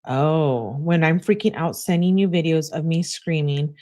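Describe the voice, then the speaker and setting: Low-voiced woman reading text messages. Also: warm tone. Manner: reads messages aloud with quick asides. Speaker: true crime commentator.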